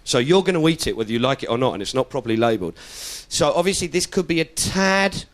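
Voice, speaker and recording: Animated comedian. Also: male voice, mid-range voice, fast. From South London. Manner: cheeky, animated, swearing, mimicking people. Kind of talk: stand-up comedy.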